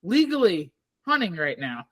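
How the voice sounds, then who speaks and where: A man telling hunting-camp stories in a casual chat, swearing freely and jumping up in pitch for quoted lines. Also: normal speed, no room sound. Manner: animated, profane storytelling with high-pitched quoted voices. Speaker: podcast host.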